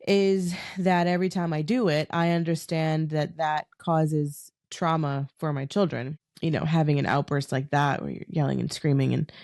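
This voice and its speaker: A woman with a low voice hosts a candid solo podcast, frank and profane yet reassuring. She talks close into her camera on a dry recording, choked up and near tears. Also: darkish tone, dry recording. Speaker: podcast host. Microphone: talking into her camera.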